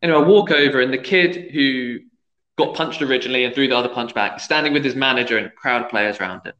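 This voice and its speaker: A young man, a referee for youth football, shares a story on a casual podcast, imitating the quoted voices as he goes. His mid-range voice moves fast and sounds pushed and bright. Echo fills the room, and the audio is dull and lo-fi.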